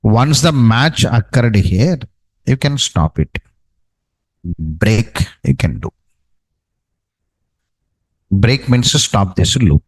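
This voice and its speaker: A man's voice: mid-range voice, lively intonation, takes it slowly, long pauses, no room sound, low-quality recording. A man teaching a programming class, dictating code and checking in with "no?" and "okay, right". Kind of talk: live coding lesson.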